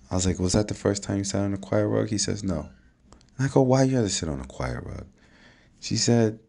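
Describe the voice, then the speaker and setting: Deep, animated man, casual vlog monologue, storytelling dad who swears and laughs. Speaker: vlogger, father.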